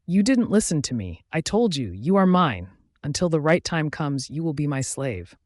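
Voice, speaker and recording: A man's voice: fairly high pitch, sing-song, moderate pace, dry recording. Man voicing a werewolf alpha, harsh, menacing, possessive, dry close sound, audiobook. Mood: furious. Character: brutal possessive young male werewolf alpha. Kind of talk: audiobook reading.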